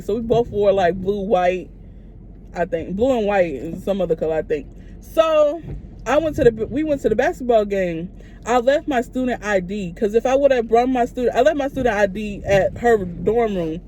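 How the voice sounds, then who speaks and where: A young woman vlogger telling a casual story straight to her viewers, animated and profane. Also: on the high side, slight background noise.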